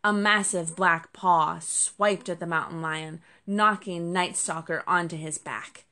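Gravelly, low-voiced woman narrating a storybook. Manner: expressive, measured reading.

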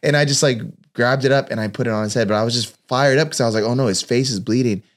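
A man's voice: mid-range voice, very fast. Earnest man telling a devotional story. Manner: earnest storytelling, acts out quoted voices. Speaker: father giving a devotional talk. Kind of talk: personal devotional teaching.

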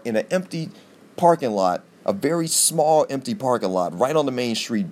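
A male podcast host tells a rambling comic story, swearing freely. His pitch leaps upward whenever he stresses a point, which gives the monologue an animated, excitable edge. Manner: animated, profane, jumps in pitch for emphasis.

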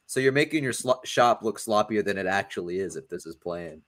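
A man's voice: fairly low pitch, expressive, brisk, a bit bright. A man in casual podcast chat, critiquing bluntly and swearing freely. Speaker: podcast co-host.

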